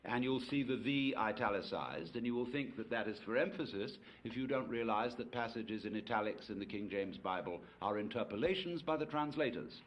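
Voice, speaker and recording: A man's voice: on the low side, expressive, a little fast, hardly any pauses, highs cut off. A man giving a public lecture to an audience, telling stories with wry, playful asides.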